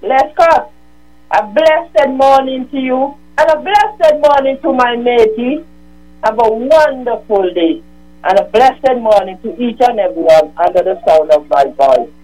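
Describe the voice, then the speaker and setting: Lady calling in on the phone, slow solemn scripture reading, bit of hum on the line. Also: fairly high pitch, rough recording. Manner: warm, sing-song greetings, slow solemn reading. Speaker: caller.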